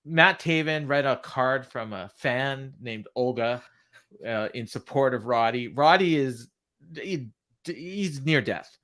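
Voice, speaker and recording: A man's voice: mid-range voice, expressive, slow, pushed and bright. A man co-hosting a livestream podcast, chatting casually, laughing often and answering viewer comments. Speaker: podcast co-host. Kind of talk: casual livestream recap chat.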